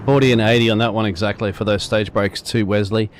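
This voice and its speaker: A man giving color commentary on a sim race in a rapid, chatty way. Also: on the low side, steady tone. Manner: rapid, chatty analysis with fillers.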